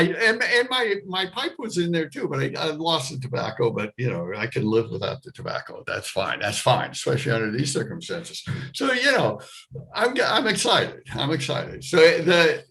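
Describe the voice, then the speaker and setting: A man telling a personal story to an audience, getting animated and rising high with excitement. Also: moderate pace. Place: performing arts center stage.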